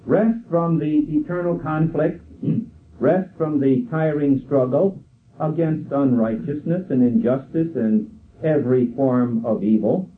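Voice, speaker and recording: An older man preaching a sermon in a slow, measured way, quoting scripture. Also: fairly high pitch, slight background noise. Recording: tinny phone-like sound from far off.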